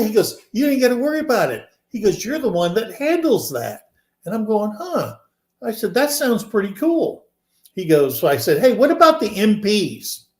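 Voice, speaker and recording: An older man in his sixties with a slightly high voice spins a casual, rambling story full of fillers and restarts. He acts out the people he quotes by lifting his voice, and the recording carries a noticeable echo of the room. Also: a little mellow. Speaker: podcast co-host. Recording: echoey room.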